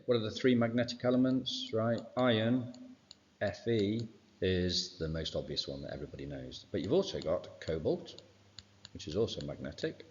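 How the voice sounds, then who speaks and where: Male science teacher, very low voice, muffled reverberant recording, casual revision walkthrough. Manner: informal, fills with "right" and "okay". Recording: dull sound with long reverb.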